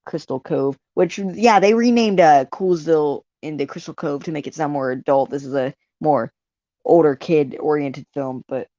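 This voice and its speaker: A woman's voice: low-pitched, normal speed, dark tone, no echo. Rambling, sarcastic woman in a dull dry recording. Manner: rambling, sarcastic jokey asides, laughs at own jokes. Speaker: vlog host. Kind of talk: casual ranting monologue. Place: home room.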